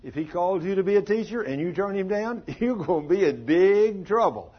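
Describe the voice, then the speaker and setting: A man's voice: sits high, lively intonation, normal speed, husky, dull audio. A man preaching a folksy sermon, full of stories and questions put to the congregation. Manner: folksy, plain-spoken, asks the audience questions.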